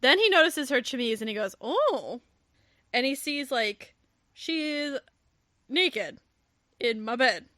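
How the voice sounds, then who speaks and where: A high-pitched woman speaks slowly, with long pauses, in studio-quality audio free of echo. Hosting a podcast, she casually recaps a novel with animated storytelling, acting out characters' lines and swearing and laughing.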